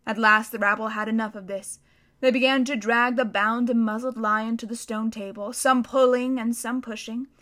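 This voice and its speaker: A woman narrating a children's story aloud in an expressive, dramatic reading style. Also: fairly high pitch, moderate pace.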